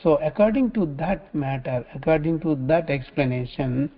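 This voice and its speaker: A man teaching scripture in a religious talk, halting often and repeating phrases as he restarts. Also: on the high side, expressive. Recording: dull lo-fi recording.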